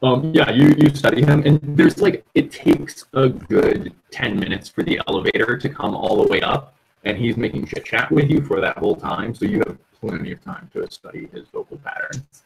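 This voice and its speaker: A man narrating as game master of a tabletop game, in a halting way full of pauses and ums. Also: mid-range voice, very animated, gravelly, slight background noise, low-quality recording. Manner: halting, lots of ums and uhs.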